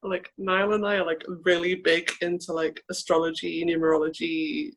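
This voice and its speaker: At a normal speed and with little pitch movement, a mid-range voice tells a personal story on a podcast. The co-host chats casually, rambles, acts out what people said, and uses "like" a lot.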